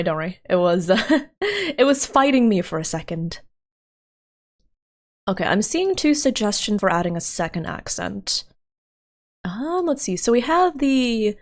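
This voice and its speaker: Woman streamer, unhurried, giggly, talks to herself while working, lots of "um" and "like". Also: mid-range voice. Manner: thinking aloud while working, giggly, filler-heavy. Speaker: livestreamer. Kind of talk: casual livestream chat.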